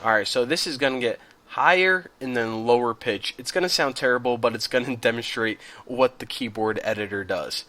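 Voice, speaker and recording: A man hosting a casual screen-recorded software tutorial, relaxed and chatty, talking straight to his viewers and now and then clearing his throat. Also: mid-range voice, moderate pace, hardly any pauses, slight background noise.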